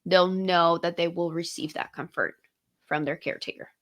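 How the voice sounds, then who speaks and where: Give me a candid young woman, bright voice, telling a personal story in casual talk. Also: fairly low pitch, fairly even intonation, normal speed. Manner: candid, swears casually, retells moments vividly. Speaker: podcast co-host. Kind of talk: casual conversation.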